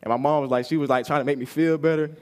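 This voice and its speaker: A man's voice: fairly high pitch, fairly even intonation, very fast, darkish tone, clean tone. A young man giving a personal testimony at a youth service, telling his story casually and acting out what people said.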